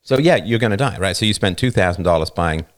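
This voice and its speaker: Deep-voiced man hosting a livestream. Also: animated, fast. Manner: emphatic, keeps asking "right?". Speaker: livestream host. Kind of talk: casual livestream monologue. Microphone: new studio microphone.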